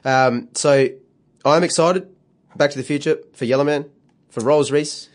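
A man's voice: on the high side, unhurried. A man co-hosting sports radio, trading crude jokes and reading a comic round review. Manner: crude, joking, stumbling when unscripted.

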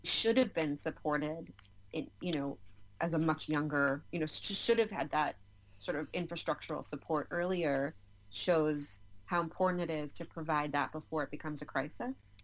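Lower-voiced thoughtful podcast woman. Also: poor audio. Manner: thoughtful, chatty, quick to laugh. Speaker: podcast co-host. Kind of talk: casual chat.

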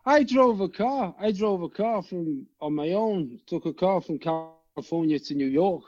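A man chatting expressively as a podcast guest, joking and swearing. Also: high-pitched. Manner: expressive, swearing, quick jokes. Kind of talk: casual chat. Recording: dull, dry lo-fi sound.

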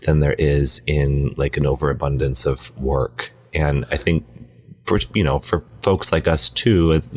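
A man co-hosting a podcast, talking in a relaxed, reflective way with many fillers, close to the mic. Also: very deep voice. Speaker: podcast co-host. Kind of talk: casual chat. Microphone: close mic on weight plates.

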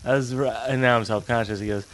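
An American man, a guest comedian, telling a story in casual podcast chat with halting restarts and self-deprecating asides. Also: mid-range voice, fairly even intonation, a bit bright, slight background noise.

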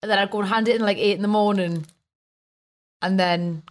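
A woman's voice: medium pitch, steady tone, a little fast. Chatty giggly British woman co-host. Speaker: podcast co-host. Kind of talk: casual chat.

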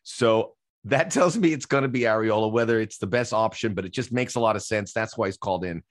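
A man with a lowish voice hosts a casual soccer podcast. He talks freely, laughing often and tossing in quick asides. The sound is dry and close. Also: no room sound. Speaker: podcast host.

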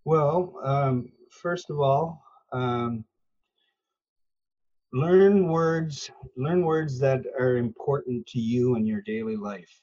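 A man's voice: medium pitch, slow, mellow, highs cut off. A man from Newfoundland, Canada, answering interview questions with patient, teacherly explanations and frequent hesitations. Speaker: interview guest, language learner. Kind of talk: earnest conversational explanation.

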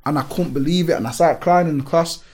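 A man, a gym owner telling stories in an animated, emphatic way full of street on a casual podcast. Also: fairly high pitch, quick pace. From Britain. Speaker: gym owner and powerlifting guest.

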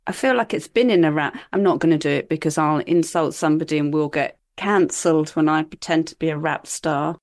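A middle-aged woman in easygoing podcast chat, joking at her own expense. Her voice sits a little lower than most women's. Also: brisk, few pauses. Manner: self-deprecating, jokey. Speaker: podcast co-host. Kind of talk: casual chat.

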